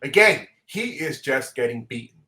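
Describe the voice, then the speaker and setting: A man hosting a casual comic book podcast, excitedly walking through the pages and laughing often. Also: mid-range voice, moderate pace. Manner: excitable, laughing often, reads dialogue aloud. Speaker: comic book show host. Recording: echoey room.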